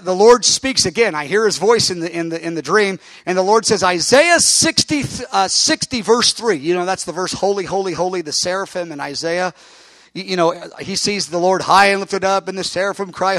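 A man preaching a sermon and telling personal stories, animated and self-mocking, swinging between loud and quiet. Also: high-pitched, no echo. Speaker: pastor. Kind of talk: sermon storytelling.

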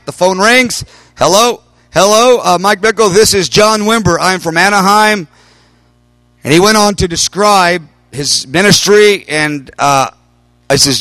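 A middle-aged man preaches in an animated storytelling style, his fairly high voice jumping up whenever he quotes someone. The recording is close and dry, with no room sound. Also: no echo. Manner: animated storytelling, quoting others in raised voice. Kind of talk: storytelling sermon.

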